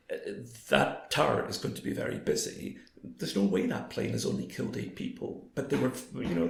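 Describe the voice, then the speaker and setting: A man in his fifties, hoarse, telling stories as an interview guest. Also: lowish voice. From Scotland. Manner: anecdotal, quoting others in lively voices. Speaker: guest, former broadcaster. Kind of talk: storytelling in a casual interview. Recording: roomy echo.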